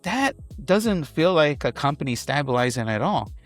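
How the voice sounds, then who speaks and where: Animated man commenting on wrestling news. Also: fairly high pitch, moderate pace, faint music behind.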